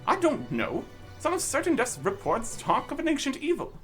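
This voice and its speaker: A man's voice: very high voice, wildly swooping pitch, moderate pace, a bit bright, faint music behind, voice pushed up, heavily acted. A man voicing a pompous old knight commander in a game, talking in a posh, blustery way. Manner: posh, blustery, tacks on "what?".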